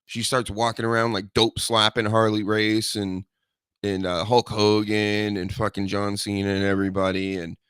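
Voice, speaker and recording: A man hosting a solo podcast, rambling and joking with mock threats and loud mocking outbursts. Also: on the low side, flat delivery, normal speed, clean tone, no room sound, studio quality. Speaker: podcast host. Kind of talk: casual solo wrestling podcast chat.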